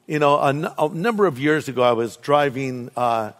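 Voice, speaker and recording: A man's voice: mid-range voice, normal speed, long reverb tail. An older man preaching a sermon as a pastor, in a casual, joking storytelling manner.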